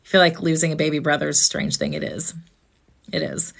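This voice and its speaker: A woman's voice: low voice, sing-song, a little fast, creaky. A woman host on a live stream, talking earnestly and asking reflective questions about grief.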